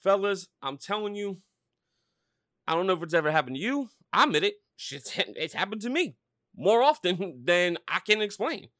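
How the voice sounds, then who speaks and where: Brief: foul-mouthed male podcast host, bright tense tone, dry close sound, rambling fired-up rant. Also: high voice, sing-song, moderate pace, no echo. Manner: loud, swearing, rambling and fired-up. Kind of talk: profane sports rant.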